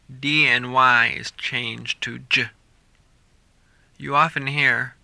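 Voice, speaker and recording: A man reads a scripted listening drill slowly and carefully, pausing on each example sentence. His voice is very bright and sharp, and the recording is dry and close. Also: medium pitch, fairly even intonation, creaky, no echo. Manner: slow, deliberate reading of example sentences for repetition. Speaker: English pronunciation teacher. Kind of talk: scripted listening-practice narration.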